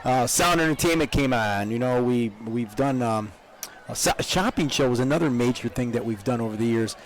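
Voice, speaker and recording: A man's voice: medium pitch, fairly quick, a little hiss or hum, rough recording. An older man from upstate New York, co-hosting live parade coverage outdoors, chatty and rambling, with frequent laughs. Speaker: parade co-host.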